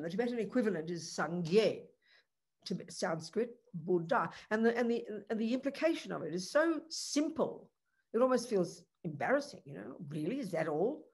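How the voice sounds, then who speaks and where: A Buddhist nun teaches the Dharma in a mid-range voice with a breathy edge. She talks conversationally and earnestly, posing rhetorical questions, restarting sentences and making frequent asides.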